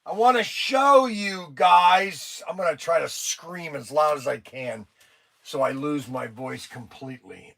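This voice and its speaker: A man hosting a toy shop live stream, an excitable pitchman who rambles and breaks into shouts, his voice strained from days of nonstop talking. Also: unhurried, gravelly. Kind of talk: casual live-stream sales talk. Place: inside a toy shop among shelves.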